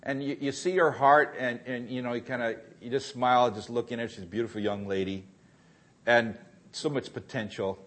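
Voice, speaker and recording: Husky-voiced man preaching a sermon. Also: medium pitch, fairly even intonation, brisk. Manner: storytelling, swings from hushed to rising intensity.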